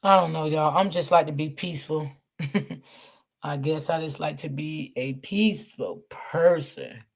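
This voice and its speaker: A woman's voice: low voice, measured pace, creaky. A woman, hosting a casual chat to her viewers, repeating herself and calling them y'all. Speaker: online channel host.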